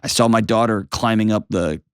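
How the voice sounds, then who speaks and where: A man in his forties hosting a call-in advice show, calm, reassuring and emphatic as he coaches a caller. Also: lowish voice, a little fast, smooth, no echo, studio quality. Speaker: host.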